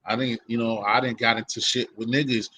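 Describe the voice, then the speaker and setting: A man's voice: medium pitch, brisk, husky, no room sound, low-quality recording. A man from hosting a casual chat, rambling in street slang with many restarts. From Boston. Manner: rambling, restarts, animated quoting. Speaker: podcast host.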